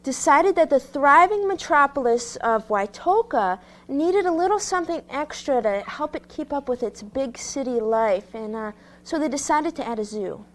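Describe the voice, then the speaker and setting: Comedy sketch: woman as a hesitant young zoo curator, slightly high voice, lots of ums. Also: animated, moderate pace, few pauses. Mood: earnest. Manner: hesitant, full of ums and restarts. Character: earnest 24-year-old single woman zoo curator.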